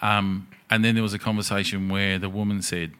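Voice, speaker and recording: A man's voice: lowish voice, level tone, brisk, fairly bright tone, clean tone. A man, co-hosting a podcast and swapping crude stories in casual banter. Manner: blunt, storytelling, swears freely. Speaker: podcast co-host.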